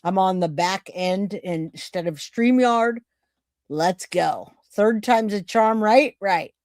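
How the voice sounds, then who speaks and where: A woman's voice: medium pitch, takes it slowly, darkish tone, no room sound, clean studio sound. Chatty woman hosting a live stream. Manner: chatty, addresses chat viewers directly. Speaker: true crime livestream host. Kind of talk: casual livestream chat.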